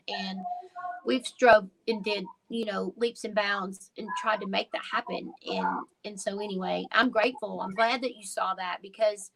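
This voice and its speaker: A woman's voice: medium pitch, steady tone, normal speed, vocal fry, slight background noise, poor audio. A woman who owns a lingerie store, telling stories as a guest in a casual interview with emphatic, heartfelt energy.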